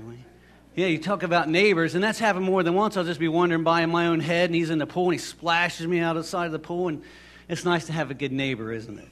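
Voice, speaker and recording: A man's voice: fairly high pitch, fairly bright tone. A man preaching a casual, storytelling sermon, rambling and conversational with many restarts. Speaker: pastor.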